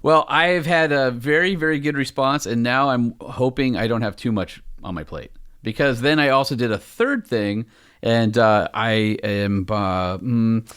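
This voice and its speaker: A man co-hosting a casual podcast, upbeat and chatty. He rambles a little and fills pauses with plenty of "uh"s, in a mid-range voice. He's recorded on a podcast mic in a conference room. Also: medium pitch, fairly bright tone, clear, resonant tone. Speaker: podcast co-host.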